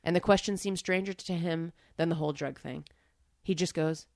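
Chatty woman with a low, dry voice. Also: normal speed, creaky, a little mellow, dry recording. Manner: chatty, rambling, many fillers. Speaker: podcast co-host. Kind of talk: casual chat.

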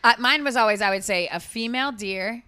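A woman's voice: a little high, fairly quick, bright, forceful tone, smooth, no room sound, studio quality. A woman co-hosting a podcast, teasing and playing along in a casual chat recorded in a hotel room. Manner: playful, teasing. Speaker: podcast co-host.

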